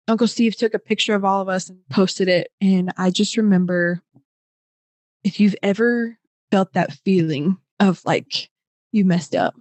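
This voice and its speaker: A woman's voice: mid-range voice, a little mellow, no echo. Young woman guest on a podcast, talks loose and emotional, dead dry sound. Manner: casual, lots of fillers, emotional retelling. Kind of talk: podcast storytelling.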